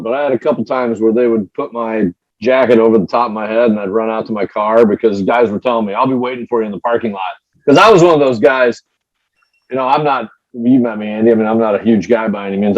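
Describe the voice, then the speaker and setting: Male guest, rapid and mouthy, dull dry sound. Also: mid-range voice, darkish tone, no echo. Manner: mouthy, emphatic storyteller. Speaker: guest, former wrestler. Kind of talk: casual interview chat.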